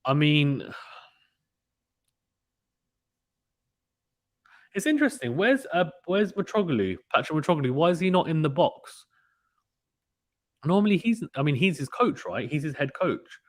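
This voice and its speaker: Male streamer, casual excitable play-by-play, dry booth sound. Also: on the high side, takes it slowly, long pauses, dry recording. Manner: chatty, excitable, uses British slang. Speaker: live tennis stream commentator. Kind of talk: casual live play-by-play commentary reading chat.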